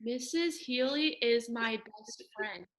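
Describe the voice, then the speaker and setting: A young woman in her late teens, a high school senior, telling lively stories in a casual chat with a classmate. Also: slow pace. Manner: animated storyteller, often raises her voice.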